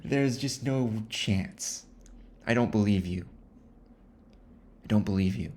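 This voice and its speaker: A man's voice: lowish voice, takes it slowly, a little mellow. A man voicing a naive, cheerful group of sailors who brush off warnings. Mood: breezy. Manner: breezy, dismissive.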